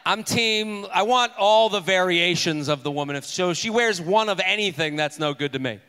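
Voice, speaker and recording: A man's voice: high-pitched, expressive, moderate pace, bright, forceful tone, smooth. A man hosting a live comedy show, joking and swearing as he banters with the crowd. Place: live venue with audience.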